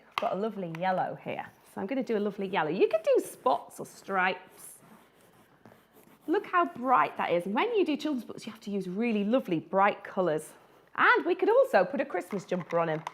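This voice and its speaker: A woman's voice: a little high, fairly bright tone. Playful woman illustrator teaching drawing on a stream, very sing-song delivery. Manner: chatty and playful, laughs often. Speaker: children's book illustrator. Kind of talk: live drawing tutorial.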